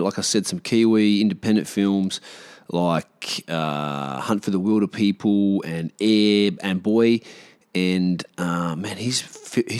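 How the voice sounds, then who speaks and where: A man's voice: fairly low pitch, a little mellow, no echo, clean studio sound. A man talking loosely to camera in a casual vlog, rambling with slang and restarts. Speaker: vlogger.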